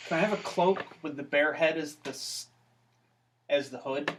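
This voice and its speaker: A man's voice: fairly high pitch, normal speed, slight background noise. A man playing a tabletop game, blunt and playful. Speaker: player.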